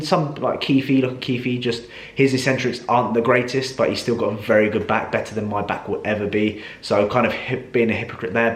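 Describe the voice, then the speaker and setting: A young man chatting casually as a fitness vlogger, swearing freely and ranting loudly. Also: on the low side. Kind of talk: casual vlog chat. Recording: echoey room.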